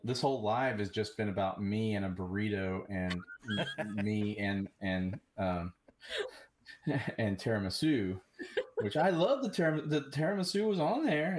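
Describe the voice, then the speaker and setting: A man in casual live-stream chat, talking haltingly with many restarts about his cruise vlogs. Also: lowish voice, animated. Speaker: cruise vlogger.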